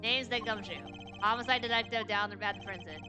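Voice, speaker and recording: A woman voicing a gruff, blunt male homicide detective with street-talking manner, over game music. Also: mid-range voice, fairly quick, natural voice.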